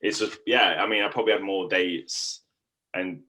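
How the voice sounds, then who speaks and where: Young man, low pitch, casual testimonial, rambling, lots of "like". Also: steady tone, normal speed, sharp tone. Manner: rambling, heavy use of "like" fillers. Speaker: coaching client.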